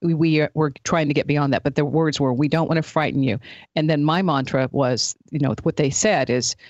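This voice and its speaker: A woman's voice: deep voice, steady tone, brisk, darkish tone, no room sound. Woman telling an earnest personal story. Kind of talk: interview talk. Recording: dull lo-fi dry audio.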